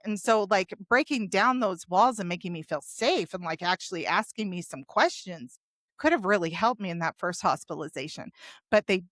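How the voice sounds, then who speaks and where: A woman with a lower voice speaks openly on a podcast, recounting painful experiences with frankness. Now and then she adds a wry, self-aware humor. The sound is dry and close to the mic. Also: no room sound. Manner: frank and open, with a wry humor about dark memories. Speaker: podcast guest. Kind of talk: candid storytelling in a podcast interview.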